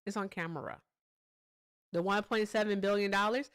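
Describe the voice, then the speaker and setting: A woman hosts a casual political commentary livestream in a smooth, clear voice at a middle pitch. She talks bluntly and swears freely, breaking off now and then to chat with her viewers. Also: quick pace. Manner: blunt, profane, chats with viewers between points. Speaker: livestream host.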